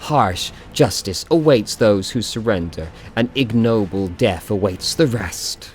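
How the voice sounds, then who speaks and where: A man's voice: lowish voice, steady tone, unhurried, slight background noise, close to an everyday voice. A man reading the lines of a ruthless, zealous female rogue trader, with grand declarations. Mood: commanding. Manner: grandiose declarations, read aloud from the screen.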